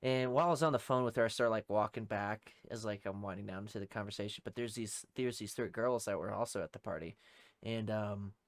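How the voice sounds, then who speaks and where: A young man co-hosting a podcast, telling a rowdy story in casual talk, swearing heavily and shouting out the lines of people in it. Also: fairly low pitch, fairly quick, no room sound, studio quality. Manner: heavy swearing, acts out shouted quotes. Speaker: podcast co-host.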